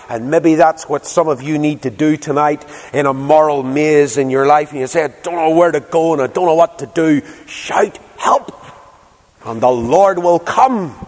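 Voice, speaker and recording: A man's voice: on the high side, moderate pace. Fervent preacher man in a reverberant church. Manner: fervent, rising to impassioned pleading. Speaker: pastor. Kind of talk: sermon.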